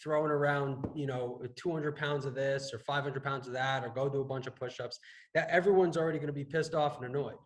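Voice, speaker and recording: This fitness and health coach chats casually on a business podcast, rambling, restarting often, and tagging his points with "right?" His medium-pitched voice holds a steady tone at a brisk pace. The audio quality is poor.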